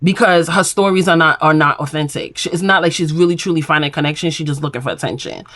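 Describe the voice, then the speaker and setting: A woman's voice: deep voice, fast, fairly bright tone. Sassy woman recapping reality TV. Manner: blunt, sassy, opinionated, acts out quotes. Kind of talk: casual recap commentary.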